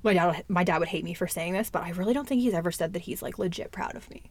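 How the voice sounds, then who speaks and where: A young adult woman with a lowish voice talks fast in a casual chat. She's candid and chatty, saying "like" a lot and dropping the odd swear word.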